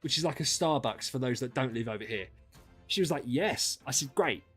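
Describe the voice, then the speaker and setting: Animated British streamer ranting. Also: male voice, medium pitch, a little fast, breathy edge, faint music behind. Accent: British English. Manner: animated, swearing, exasperated. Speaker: gaming streamer. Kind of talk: casual storytelling rant.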